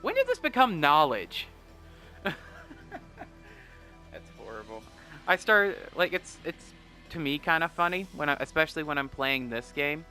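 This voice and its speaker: A man's voice: on the high side, big pitch swings, a little slow, long pauses, bright, forceful tone, faint music behind. A young man commentating on a video game he is playing, rambling and joking, now and then slipping into mock voices. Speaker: gaming commentator. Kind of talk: let's play commentary.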